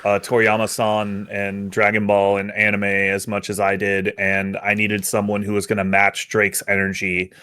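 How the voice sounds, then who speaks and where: A man's voice: on the low side, monotone, moderate pace, hardly any pauses, bright, forceful tone, smooth. A man from a band, guesting on a podcast and chatting casually, often laughing through his sentences. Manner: friendly, laughs mid-sentence.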